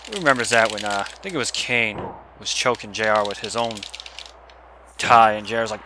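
A young man giving casual gameplay commentary, excitable and swearing as he yells at the game. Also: on the low side, moderate pace, a little hiss or hum. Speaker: gamer.

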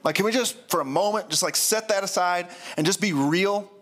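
A pastor preaching a sermon in an earnest, candid way, often repeating and restarting phrases. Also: male voice, high-pitched, brisk, a bit bright.

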